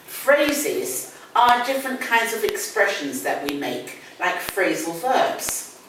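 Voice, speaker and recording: A woman's voice: mid-range voice, big pitch swings, slow pace. An older woman with a London accent teaching English, explaining patiently and repeating key words. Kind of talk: one-on-one language lesson. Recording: echoey room, distant mic, faint noise.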